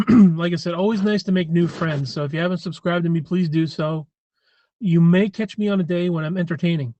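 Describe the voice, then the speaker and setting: A man's voice: a little high, fairly quick, warm tone, no echo, lo-fi sound. Rambling man on a live stream. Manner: rambling, chatty, frequent throat clearing. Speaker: livestream host. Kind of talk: casual live-stream chat.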